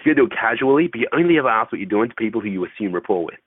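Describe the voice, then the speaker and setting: Deep male voice, casual and profane, thin phone-line sound, dry. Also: lively intonation, rapid-fire, husky, dry recording. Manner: loose, profane, acts out phone calls. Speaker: dating coach guest. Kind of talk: casual interview talk.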